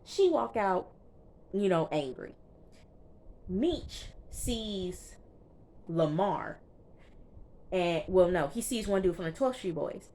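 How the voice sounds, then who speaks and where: A woman reviewer recapping a TV episode in a casual, slangy, chatty way, tossing in quick asides as she goes. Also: lowish voice, lively intonation, dark tone. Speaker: TV show reviewer.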